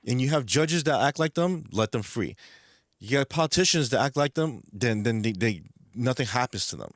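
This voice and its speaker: A man's voice: mid-range voice, expressive, moderate pace, no echo. Fired-up New York guy on a stream, swears a lot, dry close sound. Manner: angry, profane, repeats words. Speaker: livestream host. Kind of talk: ranting livestream chat. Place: home streaming room.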